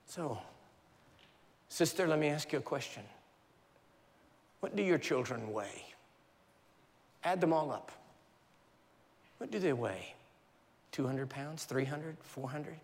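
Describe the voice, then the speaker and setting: An American man preaching a sermon, telling a personal story vividly and dramatically, even acting out sounds. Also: mid-range voice. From United States. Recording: long reverb of a large hall.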